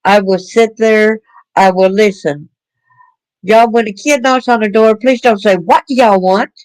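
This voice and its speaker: A woman's voice: mid-range voice, steady tone, unhurried, a little mellow, smooth, no echo, rough recording. A woman speaking earnestly to parents about protecting children, in a plain-spoken way with fillers and restarts. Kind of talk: personal talk to parents.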